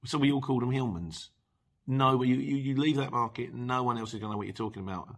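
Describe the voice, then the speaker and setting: Husky-voiced man chatting. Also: medium pitch, quick pace. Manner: chatty, rambling, chuckling. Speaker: channel host. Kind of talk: casual chat reading viewer comments.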